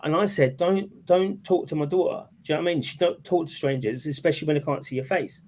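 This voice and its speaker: A man's voice: fairly high pitch, quick pace, darkish tone. A man on a panel discussion talking bluntly and indignantly in casual chat. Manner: indignant, blunt, with frequent agreeing interjections. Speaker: panel guest.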